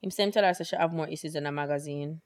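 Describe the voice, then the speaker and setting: A woman's voice: low voice, fast talker, darkish tone. Blunt, wry woman. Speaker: podcast co-host. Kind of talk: casual chat.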